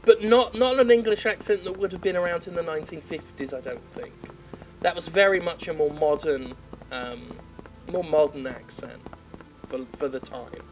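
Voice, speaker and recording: A woman's voice: deep voice, normal speed, a little mellow, soft background music, poor audio. A woman game critic giving sarcastic, profane commentary while playing. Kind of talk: sarcastic let's-play commentary.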